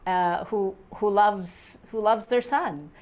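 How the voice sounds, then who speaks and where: An older woman, an actress, speaking in a casual interview, unhurried and quick to laugh. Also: mid-range voice, darkish tone.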